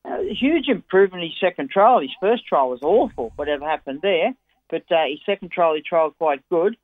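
A man's voice: a little high, lively intonation, fairly quick, no room sound. A man with an Australian accent giving chatty, enthusiastic racing tips on radio. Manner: chatty, enthusiastic form analysis. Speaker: racing tipster. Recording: tinny phone-line audio.

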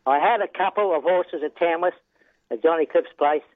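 A man's voice: on the high side, normal speed, no room sound. Older Australian man on a tinny phone line. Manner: rambling, chuckling, repeats "yeah" a lot. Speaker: retired horse trainer. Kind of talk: casual storytelling interview.

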